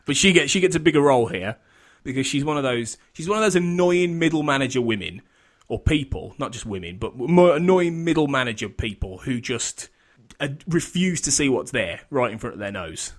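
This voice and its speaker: Brief: male podcast host, mid-pitched, loose, rambling chat full of restarts and laughs. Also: expressive, brisk. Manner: rambling, self-interrupting, laughs often.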